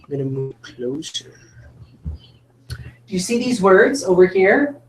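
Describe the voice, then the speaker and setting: A woman's voice: mid-range voice, a little mellow, roomy sound, a little hiss or hum. A woman teacher giving a phonics lesson to children, addressing them directly and encouragingly as she demonstrates words. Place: classroom.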